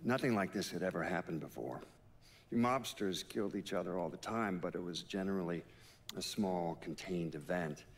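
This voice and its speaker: An older man narrating a game in a measured, reflective documentary style. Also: low voice.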